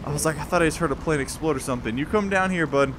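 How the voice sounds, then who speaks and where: A man giving excited, laughing commentary while playing a game, talking to the planes. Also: on the high side, rapid-fire, background noise. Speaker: gameplay streamer.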